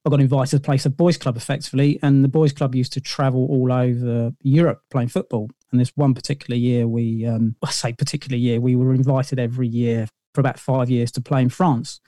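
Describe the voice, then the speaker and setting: A man's voice: mid-range voice, little pitch movement, brisk, hardly any pauses, mellow, no echo, clean studio sound. A middle-aged man, a podcast guest telling long stories in a rambling way, full of fillers and restarts. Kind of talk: casual interview storytelling.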